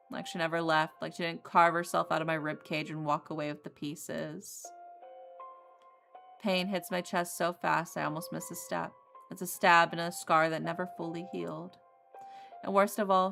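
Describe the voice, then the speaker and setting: A woman streamer with a low, gravelly voice reads game narration and breaks into blunt, profane chat. Her laughs come easily, and faint music plays underneath. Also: pushed and bright. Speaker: streamer playing a visual novel.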